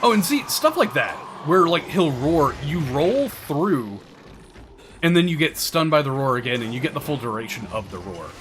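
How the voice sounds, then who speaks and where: A man's voice: on the high side, sing-song, normal speed, a bit bright, a little hiss or hum. A man streaming a game, chatting casually with viewers and explaining tactics, swearing now and then. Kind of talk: casual gameplay commentary. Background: game music.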